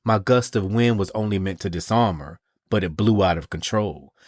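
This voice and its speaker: A regal heroine with power over the weather speaks in a calm, reflective way. A low-voiced man does the part. The sound is dry and close to the mic. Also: normal speed, no room sound, lightly acted. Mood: composed. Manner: composed, reflective.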